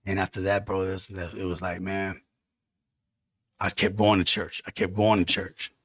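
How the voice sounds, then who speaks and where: A man's voice: low voice, level tone, normal speed, fairly bright tone. A man telling a heartfelt personal story on a podcast in casual, slang-filled speech. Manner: earnest, heartfelt testimony with street slang.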